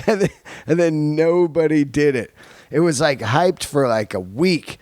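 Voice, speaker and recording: A man's voice: on the high side, measured pace, a little mellow, dry recording, studio quality. A middle-aged man hosting a podcast in a loose, profane, laughing way. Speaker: podcast host. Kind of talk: casual monologue and interview.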